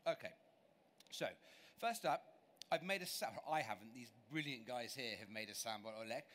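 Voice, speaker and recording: A man's voice: medium pitch, lively intonation, normal speed, a bit bright. A man from England giving a live cooking demonstration on a show stage, chatty, enthusiastic and self-deprecating as he talks through his dishes. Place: large exhibition stage.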